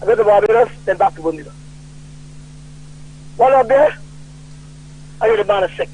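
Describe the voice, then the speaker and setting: A man calling in to a radio talk show, ranting loudly about politics and retelling old conversations. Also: high voice, animated, brisk, slightly rough. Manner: loud and heated, retelling quoted conversations. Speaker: radio call-in caller. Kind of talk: political rant on a call-in show. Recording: tinny phone line.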